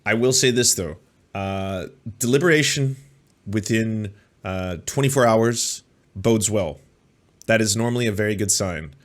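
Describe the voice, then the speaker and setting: A man with a Canadian accent hosting a live commentary stream, sarcastic and profane, with many filler sounds. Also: lowish voice. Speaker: host.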